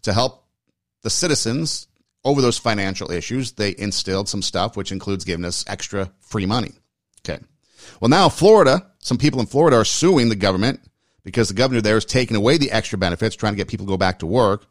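A man's voice: on the low side, animated, quick pace, dry recording, clean studio sound. A man hosting a talk show, giving casual spoken commentary that often repeats and rephrases itself. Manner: conversational, repeats and rephrases, emphatic. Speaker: host.

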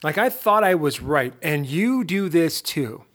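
A middle-aged man hosting his own podcast, giving a lively motivational talk straight to his listeners, full of rhetorical questions and self-interruptions. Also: a little high, unhurried. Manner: self-interrupting, laughs at himself. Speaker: podcast host.

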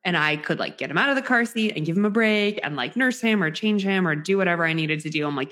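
A young woman co-hosting a podcast, telling stories in an animated, dramatic way. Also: lowish voice, quick pace, hardly any pauses. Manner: animated storyteller, dramatic exaggeration. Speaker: podcast co-host. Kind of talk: casual chat.

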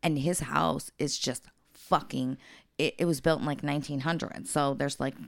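A woman with a deep, fry-edged voice trades stories in casual podcast chat. She is blunt and profane and laughs often as she talks about caregiving. The sound is dry and close. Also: fairly even intonation, normal speed, no echo.

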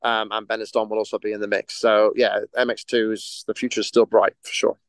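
A man's voice: lowish voice, little pitch movement, fairly quick, no echo. A man co-hosting a casual podcast chat, rambling and hesitant with lots of restarts. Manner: rambling, hesitant, full of ums and restarts, laughs easily. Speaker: podcast co-host.

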